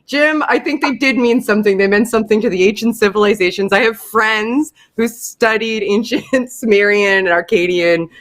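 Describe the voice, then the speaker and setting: A woman's voice: medium pitch, moderate pace, hardly any pauses. A woman hosting a live call-in show, direct and laughing often. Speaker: host.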